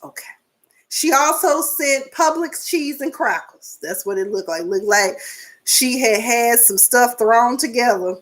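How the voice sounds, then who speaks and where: A woman in her forties chatting casually as she recaps a reality show, sassy and talkative, her pitch jumping between high and low. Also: lively intonation, measured pace. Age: 40s.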